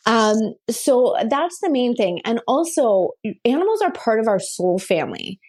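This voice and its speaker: Animated woman telling a story. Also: a little high. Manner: animated, quick-shifting storyteller. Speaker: guest, pet communicator and medium. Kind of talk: casual podcast storytelling.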